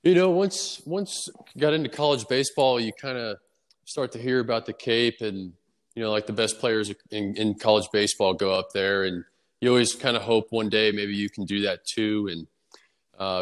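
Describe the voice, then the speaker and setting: Easygoing low-voiced man with reverb. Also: normal speed. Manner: relaxed, easygoing storytelling with many fillers. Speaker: guest baseball player. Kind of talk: casual interview answers. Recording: long reverb on the voice.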